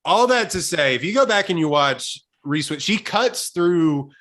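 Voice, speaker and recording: A man's voice: fairly high pitch, lively intonation, a little slow, fairly bright tone. A young man co-hosting a casual podcast, telling long rambling stories and laughing often. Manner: rambling storyteller, laughs a lot. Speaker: podcast host.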